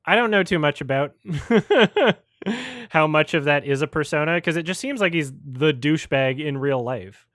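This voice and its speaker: A man's voice: on the high side, fairly quick, hardly any pauses, fairly bright tone, no echo, studio quality. A man hosting a livestream, ranting about films in a sarcastic, profane way and mocking people with put-on quotes. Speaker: host. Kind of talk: livestream film review chat.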